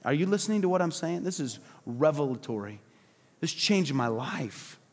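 A man preaching a passionate sermon as pastor, emphatic and repetitive, at times dropping to soft, low tones. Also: very animated, normal speed, big-room sound. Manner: acts out quoted voices, drops to soft low tones. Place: church hall.

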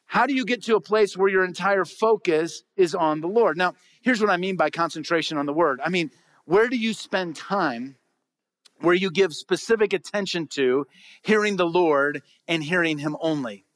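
A man's voice: high-pitched, normal speed, a bit bright, dry recording. A man preaching a sermon to his congregation in a conversational way, asking them rhetorical questions. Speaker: pastor. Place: church before a congregation.

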